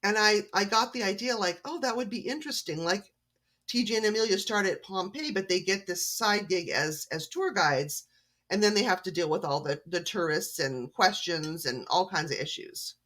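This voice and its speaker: A woman's voice: medium pitch, animated, normal speed, a bit bright. Woman from Canada, chatty author guest. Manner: friendly, storytelling. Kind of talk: casual interview chat.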